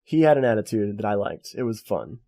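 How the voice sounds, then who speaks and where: A man co-hosting a podcast in casual talk, telling a movie plot in an animated, jokey way and acting out the quotes. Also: on the low side, a little fast, creaky. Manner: animated, jokey storyteller who acts out quotes. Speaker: podcast co-host. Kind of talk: casual movie review chat.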